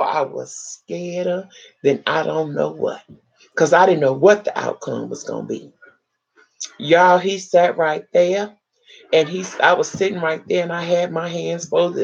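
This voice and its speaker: A woman's voice: sits low, unhurried, vocal fry, breathy edge, muffled recording. A woman hosting a live video, telling an emotional personal story to her viewers and acting out what people said. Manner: dramatic, animated retelling with acted-out quotes. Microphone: live video chat setup.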